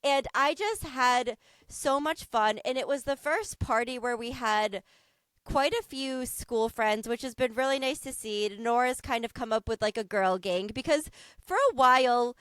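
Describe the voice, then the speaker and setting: A woman in her thirties chats on a podcast, her voice a little high and smooth. She tells stories with animated energy, laughing often and swearing freely. The recording is dry and close. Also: a little slow, no echo. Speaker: podcast co-host. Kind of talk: casual chat.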